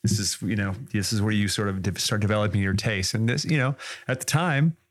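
A man co-hosting a casual movie podcast, animated and profane, often saying dude. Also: lowish voice, fairly quick, dry recording, clean studio sound. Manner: animated, swears a lot, says dude, acts out quotes. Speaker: podcast co-host.

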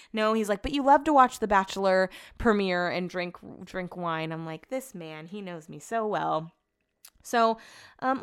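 A woman's voice: mid-range voice, a bit bright, clear, resonant tone, no echo, studio quality. A young adult woman hosting a podcast, chatting casually and giving opinionated, sarcastic reactions. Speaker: podcast host. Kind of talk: casual chat recap.

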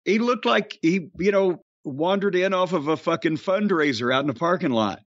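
A man's voice: high voice, animated, normal speed, no room sound, highs cut off. A man hosting a podcast, telling stories in a profane, laughing, casual chat. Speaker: podcast host.

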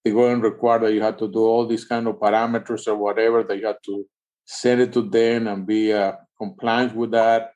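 A man physician joining the interview, talking haltingly with many fillers. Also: lowish voice, flat delivery, a little mellow, muffled recording. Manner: halting, full of fillers and "kind of". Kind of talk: conversational interview answers.

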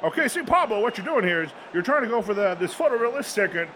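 A man putting on a gruff football commentator voice, coaching a painter in an improvised scene. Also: sits high, sing-song, fast, a bit bright, slight background noise, voice pushed up.

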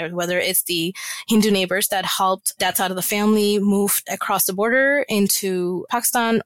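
In a dry recording, a mid-range female voice tells a family story as a podcast interview guest. She shares it earnestly and reflectively, sprinkling in plenty of casual fillers.

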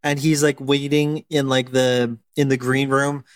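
A man's voice: mid-range voice, little pitch movement, unhurried, dry recording. A man explaining a film's framing in blunt casual chat, with swearing.

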